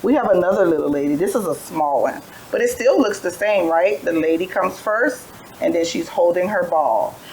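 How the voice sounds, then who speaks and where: A woman's voice: on the low side, normal speed, darkish tone, a little hiss or hum, poor audio. A tired woman teaching a phonics lesson to young children, telling little stories with letter sounds in a patient sing-song way. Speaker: preschool teacher.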